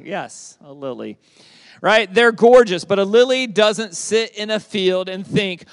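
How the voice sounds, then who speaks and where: A youth pastor with a high, gravelly voice leads a summer youth group through scripture. He talks in a lively, conversational way, asking questions and repeating the answers back. The sound is close and dry, with no room echo. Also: normal speed. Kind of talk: youth group Bible talk.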